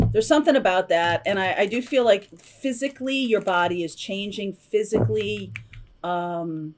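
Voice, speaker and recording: A woman talks through a tarot spread in a loose, chatty way, pausing on fillers and tossing in asides. Her voice sits at an ordinary middle pitch. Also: darkish tone, slight background noise. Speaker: tarot reader. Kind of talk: casual spoken tarot reading.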